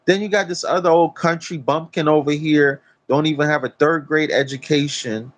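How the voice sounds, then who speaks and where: A man's voice: fairly high pitch, fairly even intonation, normal speed. Profane, preachy man ranting outdoors. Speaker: vlogger. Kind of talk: blunt talk-to-camera rant. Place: outdoors in nature.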